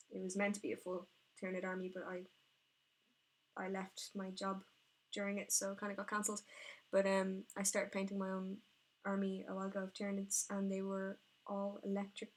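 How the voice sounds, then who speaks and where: A woman who paints miniatures and streams it, chatting casually and excitably, rambling and talking to herself as she works at her painting desk. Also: mid-range voice. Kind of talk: casual live-stream chat while painting.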